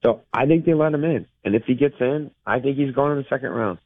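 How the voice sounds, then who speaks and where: A man calling in as a guest sports insider, giving analysis in a halting way and repeating words as he thinks. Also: medium pitch, no echo. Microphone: telephone. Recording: phone line.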